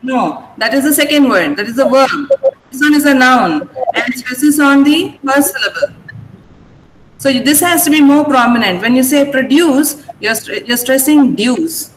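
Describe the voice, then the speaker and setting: A woman teaching an online English vocabulary class, repeating words slowly and asking her pupils how to pronounce them. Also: high-pitched, expressive, slight background noise, low-quality recording.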